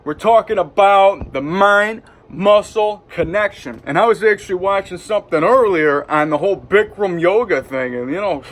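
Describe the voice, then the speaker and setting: A man's voice: high voice, a bit bright. A man with a Detroit accent rambling in a loose, hyped-up vlog monologue from home, full of fillers. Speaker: vlogger. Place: indoors at home.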